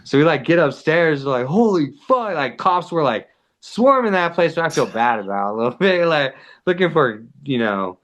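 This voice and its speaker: Man, podcast guest, casual storytelling, profane, animated, lots of "like". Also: a little high, normal speed, lo-fi sound. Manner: animated, profane, heavy use of "like".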